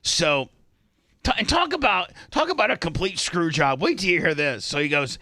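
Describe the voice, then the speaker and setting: A radio host from Indiana spins a long anecdote on air and slips into the voices of the people in it. His voice is bright and forceful, recorded dry and close in the studio. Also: fairly high pitch, normal speed, dry recording. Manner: animated storyteller, acts out other people's lines. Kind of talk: storytelling on a talk show.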